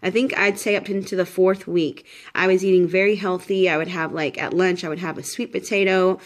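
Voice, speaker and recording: A woman's voice: fairly low pitch, steady tone, brisk. A woman in her thirties talking casually to the camera in a pregnancy update vlog, rambling with many fillers and restarts, tired and a little shaky. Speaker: vlogger.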